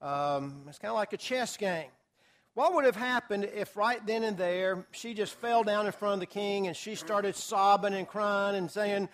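A man's voice: high voice, moderate pace, fairly bright tone. A man teaching a Bible study class to a group, talking casually with filler words and acting out quotes. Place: classroom or church hall with a group.

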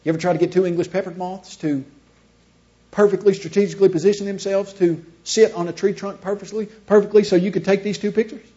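A man with a high, lively voice addresses a seminar crowd, firing off rhetorical questions and acting out little dialogues. The recording is dull and lo-fi. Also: fast. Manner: storytelling, acts out both sides of imagined dialogues. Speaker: creationist seminar speaker. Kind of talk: seminar talk to an audience.

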